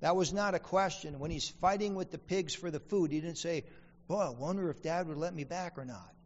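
A man's voice: on the high side, a little fast, big-room sound, highs cut off. A man preaching a sermon as pastor, asking the congregation questions and repeating key lines for emphasis. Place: church sanctuary.

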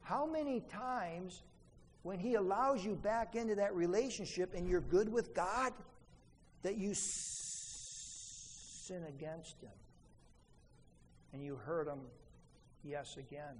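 A pastor delivering a sermon, his voice pitched a little high and carrying a long reverb through a church sanctuary. He swings between emphatic, pleading rises and quiet, low asides, with faint room ambience underneath. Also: slow pace, long pauses, a little hiss or hum.

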